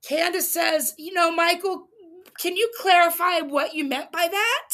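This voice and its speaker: A woman hosting a casual livestream recap, reading quotes aloud with animated emphasis and laughing often. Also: very high voice, measured pace. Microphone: streaming setup mic.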